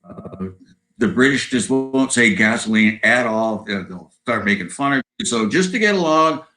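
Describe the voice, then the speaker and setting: In a casual interview over a video call, a Southern California guest musician near seventy talks in a rambling way, ending sentences with "you know" and "right?". His American-accented, mid-range voice is expressive, bright and forceful at normal speed, though the recording quality is low.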